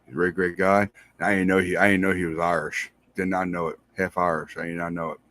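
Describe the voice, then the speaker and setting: Deep-voiced man giving rambling shout-outs. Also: level tone, fast. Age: adult, married. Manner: rambling, repeats himself, friendly. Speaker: podcast host. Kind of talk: casual shout-outs to listeners.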